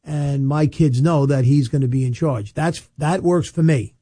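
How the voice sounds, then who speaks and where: A man, an estate planning attorney giving casual, chatty advice with storytelling asides and emphatic slowed-down points. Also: a little high, mellow, husky, no room sound, clean studio sound. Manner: emphatic, slows down to stress points. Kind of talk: casual advice monologue to camera.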